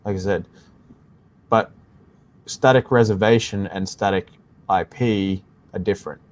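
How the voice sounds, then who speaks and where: An Australian-accented man co-hosts a live tech question stream as tech support, explaining things casually in a low voice and a little slowly. He keeps circling back with "like I said".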